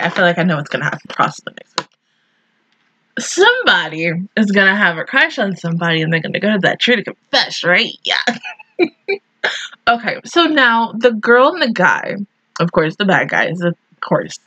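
A woman hosting an anime reaction video, gushing excitedly and swearing freely in casual commentary. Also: lowish voice, moderate pace, slightly rough, no echo, poor audio.

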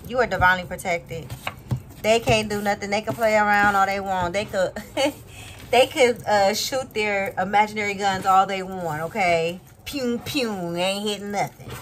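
A woman's voice: mid-range voice, fairly even intonation, normal speed, fairly bright tone. A woman giving a casual tarot reading, rambling and asking "okay?" again and again. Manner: rambling, repeats "okay?" often. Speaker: tarot reader.

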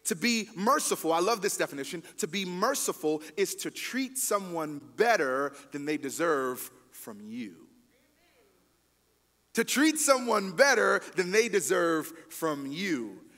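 A man with a high voice preaches a sermon in a conversational, emphatic way, addressing the congregation directly. His words carry a long reverb tail from the church hall around him. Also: sharp tone. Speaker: pastor.

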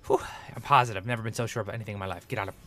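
A man's voice: on the low side, fairly even intonation, rapid-fire, sharp tone. A man giving gameplay commentary, grumbling and sarcastic as he talks to his audience. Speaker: let's play gamer.

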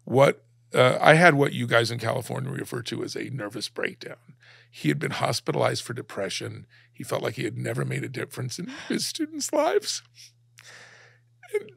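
Middle-aged male guest from Alabama, very gravelly, dry close mic, emotional storyteller with restarts. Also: mid-range voice, big pitch swings, a bit bright, no room sound. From Alabama, USA. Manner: halting, many restarts, close to tears. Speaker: guest, cartoonist.

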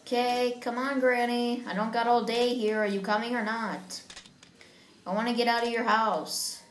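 A woman's voice: on the high side, little pitch movement, normal speed, a little hiss or hum. Chatty woman narrating a game, roomy sound. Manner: chatty, giggly, talks to viewers. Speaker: gaming channel host. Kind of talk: casual let's-play commentary.

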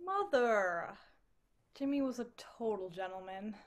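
An actress playing a sassy teen daughter. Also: female voice, mid-range voice, animated, unhurried, natural voice. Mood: tart. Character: sassy teenage daughter, Brigitte.

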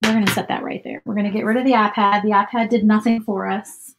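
A woman's voice: mid-range voice, level tone, quick pace, noisy background. A woman chatting casually while she paints on a livestream, self-doubting and saying "y'all" often. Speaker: craft livestream host.

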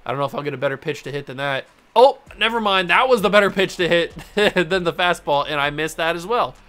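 A young man commentating his baseball video game casually, excitable and chatty, laughing often and talking to the players on screen. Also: fairly high pitch, fast. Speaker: gaming YouTuber.

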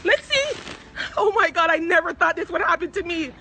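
A woman filming herself in a clothing store on her phone, indignant, loud and swearing, close to tears as she argues with staff. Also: very high voice, expressive, moderate pace, a little hiss or hum. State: tearful, near crying. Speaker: shopper confronting store staff. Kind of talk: self-filmed confrontation. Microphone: phone camera held by speaker.

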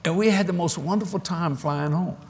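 A man preaching at a convention, telling a story in a folksy, animated way with frequent restarts, speaking into a stage microphone before a congregation. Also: sits high, fairly quick. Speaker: evangelist preacher. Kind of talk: storytelling sermon.

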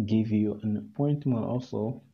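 Man, language teacher, husky low voice, repeats phrases slowly, dull lo-fi sound. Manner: repeats phrases slowly, switching between English, Wolof and French. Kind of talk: bilingual lesson explaining English phrases.

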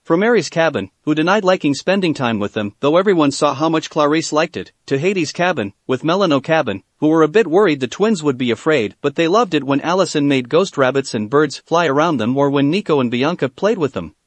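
A man reads fan fiction aloud in a fairly high voice, close and dry. His steady narration now and then trips over a word. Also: fairly quick, few pauses, no room sound.

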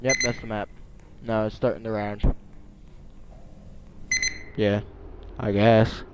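Excitable young man swearing over gameplay. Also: fairly low pitch, slow pace, background noise. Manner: excitable, swearing, whiny complaints at other players. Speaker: gamer. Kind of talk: live gameplay commentary.

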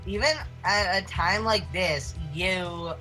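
A woman's voice: on the low side, slow pace, bright, forceful tone, faint music behind, rough recording. A woman hosting a let's play, voicing characters playfully and laughing often with her friends. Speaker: host voicing characters in a game.

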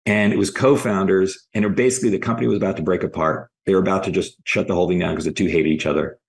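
A man's voice: low-pitched, very fast, gravelly. A man working as an executive coach, telling stories in a podcast interview and acting out the dialogue in them. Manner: lively anecdotes, re-enacting dialogue in quotes.

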